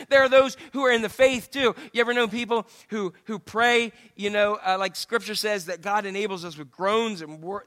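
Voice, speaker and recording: A man with a high, bright voice preaches a sermon as a pastor in a church sanctuary. His preaching is joking and conversational, sprinkled with asides to the congregation.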